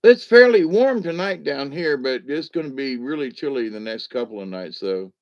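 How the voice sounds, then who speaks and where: A man hosting a casual late-night livestream, rambling and chuckling while a little high. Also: lively intonation, moderate pace, a little mellow, highs cut off. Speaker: livestream host.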